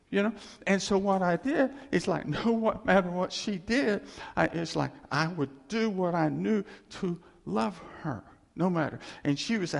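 A middle-aged man giving a personal testimony to a congregation, telling the story with lively animation and frequent chuckles. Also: high voice, normal speed, creaky. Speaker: church speaker sharing testimony. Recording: long reverb of a large hall.

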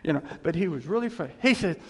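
A man preaching in a storytelling sermon style, animated and laughing as he acts out what others said to him. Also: a little high, fast talker, breathy edge. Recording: long hall reverb.

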